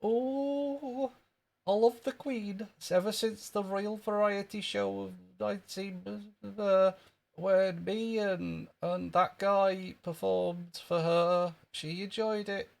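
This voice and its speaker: A man voicing a cranky, wrinkly little Scottish man who claims to be a boy, in a high put-on voice with a Scottish accent, telling tall tales. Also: fairly even intonation, slow pace, gravelly, heavily acted. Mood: doting. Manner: boastful, rambling tall tales. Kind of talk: improvised street comedy bit.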